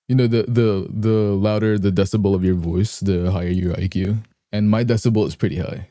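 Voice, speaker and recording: Deep-voiced young man with morning voice. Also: fairly even intonation, brisk, dark tone, no echo, clean studio sound. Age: young adult. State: morning voice, clearing his throat. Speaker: live streamer. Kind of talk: casual stream chat.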